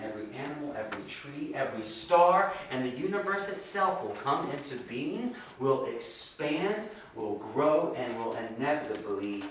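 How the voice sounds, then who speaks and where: Man preaching in a very echoey hall. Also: mid-range voice. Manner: expressive, swinging between hushed and emphatic. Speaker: guest speaker at a spiritual center. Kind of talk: sermon with guided meditation. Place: meeting hall of a spiritual center. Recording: echoey hall from far off, faint noise.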